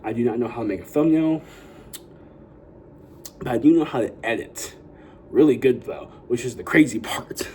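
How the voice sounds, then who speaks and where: A man's voice: mid-range voice, moderate pace, long pauses, darkish tone, a little hiss or hum, low-quality recording. A young man vlogging casually to his viewers, rambling with constant fillers and hyping them up. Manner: rambling, full of "you know" and "like" fillers; upbeat hype talk to viewers. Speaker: YouTuber. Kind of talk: casual vlog chat.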